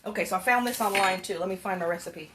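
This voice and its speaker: A woman's voice: medium pitch, fast, noisy background. A woman chatting casually as she cooks in her home kitchen, rambling a little and restarting her sentences, recorded on a phone. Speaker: home cook.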